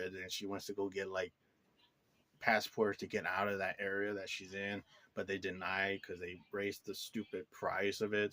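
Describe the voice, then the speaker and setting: A man's voice: fairly low pitch, fairly bright tone, no room sound. A man giving a casual, rambling movie review, full of "like" fillers and blunt swearing. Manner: rambling, heavy use of "like" fillers; blunt and profane.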